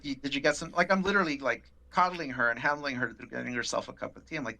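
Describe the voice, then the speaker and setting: A man telling a workplace story in a casual interview, animated and swearing, acting out the people he quotes. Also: on the high side, rapid-fire, creaky, few pauses. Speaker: podcast guest.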